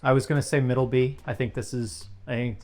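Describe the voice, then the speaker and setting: A man's voice: mid-range voice, fairly even intonation, quick pace, a little mellow, slight background noise. A man joining a casual wine tasting, making dry, understated remarks. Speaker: tasting guest.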